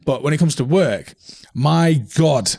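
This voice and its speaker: A man, a podcast guest telling stories in a brisk, animated way and swearing freely. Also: a little high, gravelly. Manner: fast, swearing, animated storytelling. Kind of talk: casual interview chat.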